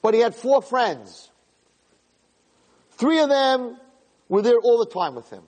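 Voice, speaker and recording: A man's voice: extremely high pitch, big pitch swings, slow, darkish tone. A man giving a casual, storytelling Torah lecture who often repeats words and acts out the voices in his parable. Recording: long reverberant hall.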